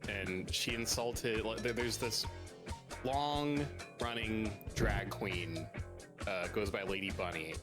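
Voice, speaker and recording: A man's voice: fairly low pitch, slow pace, music in the background. A man on a stream telling a rambling, laughing story in casual chat.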